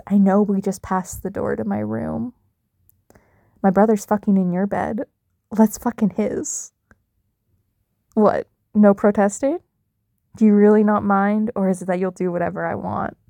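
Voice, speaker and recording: A young adult woman performing an intimate audio role-play in a teasing, dominant, soft-spoken way with whispered asides. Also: medium pitch, gravelly, no echo, studio quality.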